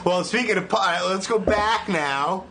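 A man's voice: sits high, normal speed, pushed and bright, slight background noise. A man hosting a casual, profane interview, laughing along and throwing out loose questions. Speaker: interviewer, podcast host.

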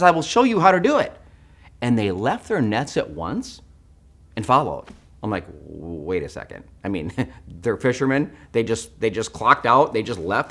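A man preaching a sermon in church, animated and joking, swinging between loud outbursts and hushed asides. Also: medium pitch. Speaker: pastor.

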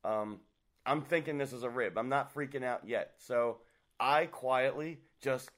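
A man's voice: medium pitch, measured pace, a bit bright. A man hosting a casual podcast chat, rambling along with many fillers. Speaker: host.

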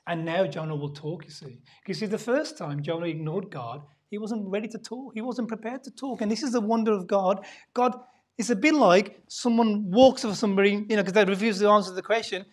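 A woman preaching a sermon in a dramatic, animated way, swinging between loud emphasis and hushed asides. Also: mid-range voice, brisk, breathy edge.

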